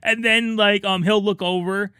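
A man's voice: high voice, steady tone, normal speed, pushed and bright, clean tone, no room sound, clean studio sound. A man in casual comedic chat, riffing on absurd scenarios and acting out bits in character voices.

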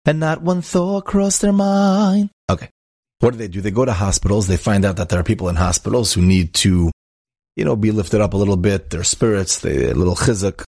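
Rabbi storyteller, male, deep husky voice, dry close sound, acts out the characters' lines. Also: fast, darkish tone, no room sound. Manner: peppers speech with Hebrew and Yiddish words. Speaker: rabbi and inspirational speaker. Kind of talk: storytelling talk.

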